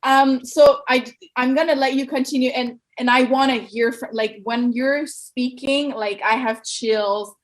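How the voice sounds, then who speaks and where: Woman, live-stream host, bubbly, effusive, fairly high voice, reads viewer comments. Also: steady tone, measured pace, hardly any pauses, rough recording. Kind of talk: live-stream show hosting.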